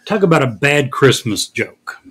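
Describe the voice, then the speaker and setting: A man's voice: medium pitch, very animated, normal speed, fairly bright tone, breathy edge. A man hosting a casual news podcast, recounting stories in a wry way. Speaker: podcast host.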